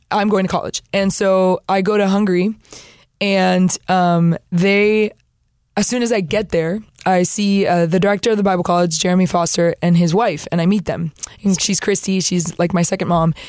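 A young woman from Peru, a guest telling her faith story in animated conversation, acting out what others said and laughing often. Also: medium pitch, no echo, clean studio sound. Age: young adult. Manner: animated, acts out quoted voices, laughs often. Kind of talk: lively storytelling testimony.

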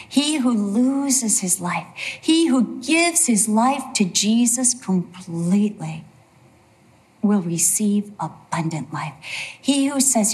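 A woman's voice: mid-range voice, takes it slowly. A woman preacher giving a sermon, earnest and emphatic, with a lot of repetition.

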